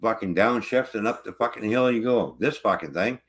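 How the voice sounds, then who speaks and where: A man's voice: on the low side, a little fast. A truck driver ranting angrily about his truck, swearing constantly in casual livestream talk.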